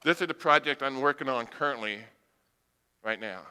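Animated bright-voiced man preaching in a hall. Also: mid-range voice, normal speed, clean tone. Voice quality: blind speaker. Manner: humorous, animated storytelling with acted-out voices. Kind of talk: sermon with storytelling.

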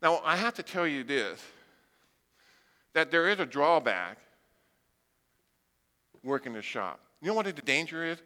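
Animated bright-voiced man preaching in a hall. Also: fairly high pitch, a little slow, long pauses. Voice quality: blind speaker. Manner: humorous, animated storytelling with acted-out voices. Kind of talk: sermon with storytelling.

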